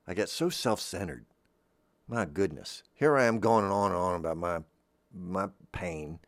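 Low-pitched and animated yet a little slow, a man's voice carries a podcast with no room sound. As host, he wanders through a comic monologue that keeps trailing off and restarting, laced with self-deprecating asides.

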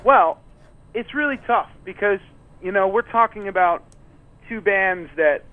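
A man's voice: sits high, a little slow. Man talking over a tinny phone line. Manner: rambling, many fillers and restarts. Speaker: touring musician guest. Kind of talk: casual storytelling interview.

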